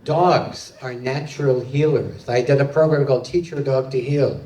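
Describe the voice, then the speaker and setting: A man's voice: medium pitch, steady tone, moderate pace, warm tone. Man, stand-up comedian, playful punning delivery, echoey hall, distant mic. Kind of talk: stand-up comedy with audience questions. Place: live venue with audience.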